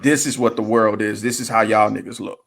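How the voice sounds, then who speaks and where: Gravelly man explaining in casual chat. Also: lowish voice, fairly even intonation, fairly quick, a bit bright. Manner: explanatory, thoughtful. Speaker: podcast host.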